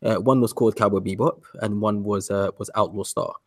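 A man in his thirties from the UK, telling a rambling, animated story in a casual podcast chat. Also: fairly low pitch, a little fast. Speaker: podcast guest.

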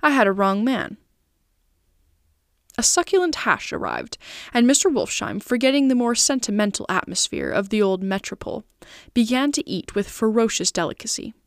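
A woman's voice: a little high, sing-song, brisk, dry recording, studio quality. Woman reading a classic novel aloud. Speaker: podcast reader. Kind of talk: scripted narration.

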